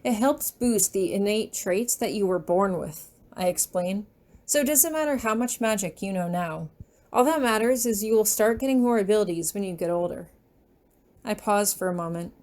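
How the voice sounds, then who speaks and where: A woman reading her fan fiction aloud in a gentle, unhurried storytelling manner. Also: medium pitch.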